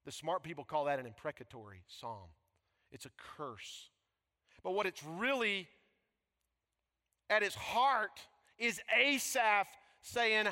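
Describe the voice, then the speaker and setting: A male pastor with a high, bright, ringing voice preaches emphatically. He swings from shouts to near whispers. The sound carries a long reverb from a large hall. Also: slow pace, pauses often. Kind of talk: sermon.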